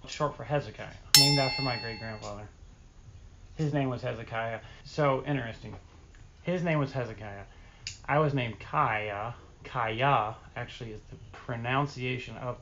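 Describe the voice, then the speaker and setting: Gravelly-voiced man rambling to camera. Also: medium pitch, a bit bright, lo-fi sound, a little hiss or hum. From Appalachia, East Tennessee. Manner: chatty, rambling storyteller. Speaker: vlogger. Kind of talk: casual chat to camera.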